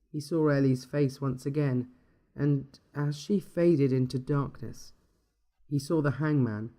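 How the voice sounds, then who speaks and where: Guy reading a creepy story, warm low-key tone, steady pace. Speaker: narrator.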